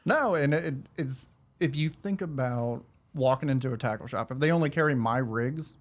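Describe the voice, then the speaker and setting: A man who is a guest on a podcast, talking in a low-key, matter-of-fact way. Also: moderate pace. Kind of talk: casual chat.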